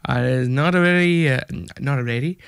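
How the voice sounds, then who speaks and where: A man's voice: medium pitch, a little fast, gravelly, fairly bright tone, smooth, dry recording, clean studio sound. A young man hosting an online radio show in a put-on American country accent. He rambles casually and pokes fun at himself, with lots of fillers. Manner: rambling, self-deprecating, chatty with many fillers.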